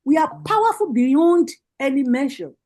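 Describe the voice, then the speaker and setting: Nigerian lady giving a fired-up political speech on a zoom call, high voice, lots of ups and downs. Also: animated, normal speed, dark tone, low-quality recording. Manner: impassioned, repetitive rallying calls. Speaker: party women's leader giving a speech. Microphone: video call.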